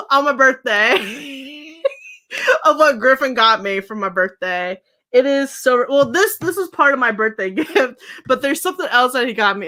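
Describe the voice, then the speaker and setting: Young woman rambling on a beauty livestream, bright highish voice, lots of laughing and gushing. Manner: rambling and effusive, laughs often. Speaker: beauty YouTuber hosting a livestream. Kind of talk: casual livestream chat with viewers.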